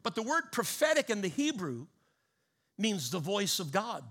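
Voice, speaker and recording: A male preacher delivering a fervent sermon, swinging between loud bursts and hushed asides. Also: sits high, big pitch swings, moderate pace.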